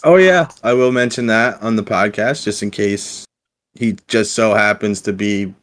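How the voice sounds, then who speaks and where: A man's voice: lowish voice, a little slow, a bit bright. A man chatting as a podcast guest, telling stories with lots of ums and restarts. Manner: hesitant, filler-heavy storytelling. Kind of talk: casual chat.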